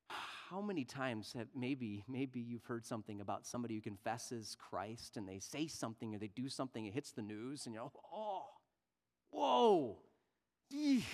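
A man preaching a sermon earnestly, dropping to near-quiet and rising loud for emphasis. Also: mid-range voice.

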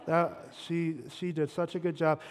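In a reverberant church sanctuary, a man serving as guest pastor delivers a sermon at a measured pace, his fairly high voice holding a level tone. He shares stories in a conversational way and asks the congregation questions.

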